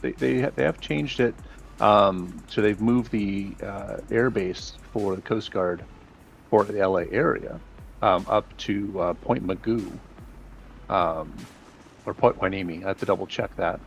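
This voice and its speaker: A man's voice: on the low side, a little slow, vocal fry, faint music behind. A man flying as co-pilot in a multiplayer flight sim, calling out hoist steps and explaining with many fillers. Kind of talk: casual co-op flight sim chat.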